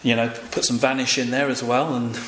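A man's voice: medium pitch, flat delivery, a little fast, a bit bright. An older man giving a sermon in a casual, conversational way, often asking his listeners to respond. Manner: conversational, with fillers and audience prompts. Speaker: preacher. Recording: echoey room with faint ambient noise.

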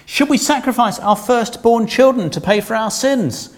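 A stroppy, sarcastic teenager whining in a raised, higher voice, as a male preacher puts it on. Every line drips with exasperation and complaint, like a sulky child arguing from a witness stand. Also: moderate pace.

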